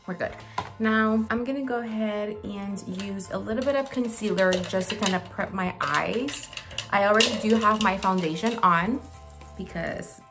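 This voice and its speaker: Doing her makeup at home, a woman beauty vlogger chats away casually, gushing and talkative. Her voice is medium in pitch and gravelly, like it's still morning.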